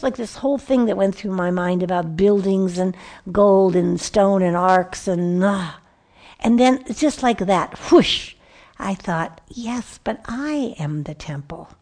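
Expressive woman teaching from scripture. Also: medium pitch. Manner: expressive, drops to a hushed whisper on key phrases; heartfelt and personal. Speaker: Bible teacher. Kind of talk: devotional Bible teaching.

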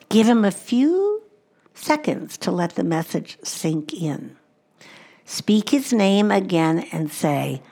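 A woman with a lowish, creaky, darkish voice speaks at a conference, earnestly teaching mothers about Christian parenting. She repeats her key points for emphasis.

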